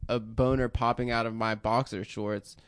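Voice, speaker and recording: A man's voice: lowish voice, little pitch movement, moderate pace, clean tone, dry recording. A man on a comedy podcast, telling embarrassing stories offhandedly and laughing through them. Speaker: podcast guest. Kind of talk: casual comedic chat.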